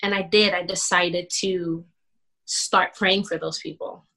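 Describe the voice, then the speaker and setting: A pastor's wife as a podcast guest, telling a painful personal story with quoted dialogue and animated emotion. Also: female voice, fairly low pitch, unhurried, poor audio.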